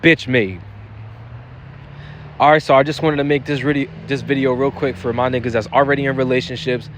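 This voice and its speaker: A man's voice: mid-range voice, steady tone, brisk, slight background noise. A young man giving blunt, profane dating advice in a casual monologue, often repeating and restarting his phrases.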